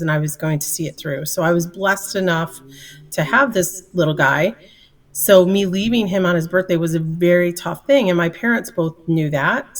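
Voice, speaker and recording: Middle-aged woman guest, earnest storyteller, lowish voice, slightly distant mic. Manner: earnest, candid, laughs easily. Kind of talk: storytelling in a podcast interview.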